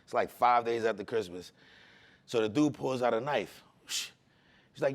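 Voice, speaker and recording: A man from the Bronx, telling his personal testimony in a casual, animated way with street slang. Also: medium pitch, measured pace, creaky. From the Bronx, New York. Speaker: speaker giving a personal testimony.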